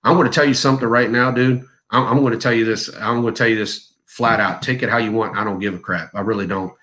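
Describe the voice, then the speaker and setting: Low-voiced man ranting crudely. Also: steady tone, quick pace, bright, forceful tone. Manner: mocking, crude, blunt. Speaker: co-host of a fragrance review livestream. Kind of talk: heated livestream rant.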